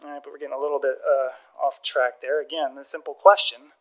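A man preaching a sermon, telling stories with lively acted-out dialogue and frequent chuckles. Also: medium pitch, fairly quick, few pauses, rough recording. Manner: animated storytelling, acts out dialogue, chuckles often. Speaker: pastor.

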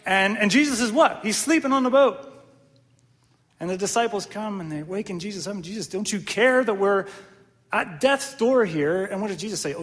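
A man preaching a sermon, animated and questioning, often checking in with the congregation with "right?". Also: high voice, in a large hall. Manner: animated, asks the audience questions, frequent "right?". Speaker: pastor.

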